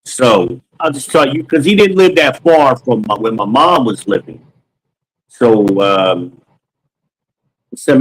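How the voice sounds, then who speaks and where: A man of ordinary pitch casually recounts an anecdote in a loose, slangy way. He pauses on ums and acts out both sides of the conversation. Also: lively intonation, husky, poor audio. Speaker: storyteller.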